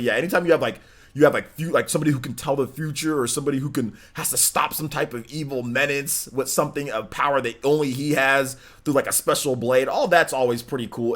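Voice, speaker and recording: A young man hosting a gaming livestream in casual chat, rambling and excitable, laughing often and answering questions from chat. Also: medium pitch.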